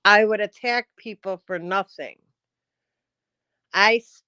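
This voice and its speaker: A woman's voice: mid-range voice, slow, pushed and bright, smooth, dry recording, dull audio. A woman livestreaming in a casual rant, combative and profane, answering her chat.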